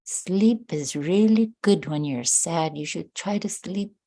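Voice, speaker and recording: A woman voicing a tiny, kindly old grandmother elder who speaks slowly and coaxingly. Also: fairly low pitch, mellow. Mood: gentle advice. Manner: slow, coaxing, motherly.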